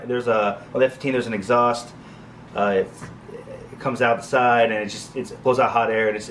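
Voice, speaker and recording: Guy in his 30s telling an old air force story, mid pitch, jokey and rambly, lots of uhs, faint background noise. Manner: rambling, joking, many fillers and asides. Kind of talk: casual storytelling vlog.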